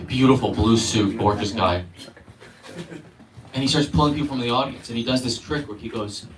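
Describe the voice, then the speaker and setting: A man's voice: medium pitch, brisk. A man doing a stand-up set, telling stories and acting out the voices of people in them. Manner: animated storytelling, acting out voices. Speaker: stand-up comedian. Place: comedy club stage. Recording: echoey club from far off. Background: audience laughter.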